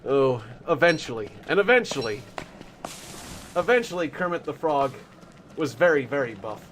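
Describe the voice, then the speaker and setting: A man's voice: medium pitch, expressive, measured pace, pauses often, a bit bright, a little hiss or hum. A man hosting a game live stream, chatting playfully with viewers and laughing often. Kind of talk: casual live stream chat.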